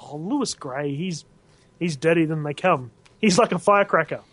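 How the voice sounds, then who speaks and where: A man co-hosting a casual podcast, cracking crude jokes with deadpan punchlines. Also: on the high side, moderate pace, breathy edge. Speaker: podcast co-host.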